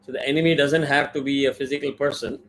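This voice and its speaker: A man leads a class, walking his students through a chant syllable by syllable. He talks slowly and patiently, with plenty of fillers. A faint hum of room noise sits behind his even, mid-pitched voice. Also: poor audio. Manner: slow, careful pronunciation drills with many fillers. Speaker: Vedic chanting teacher. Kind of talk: online class teaching a mantra.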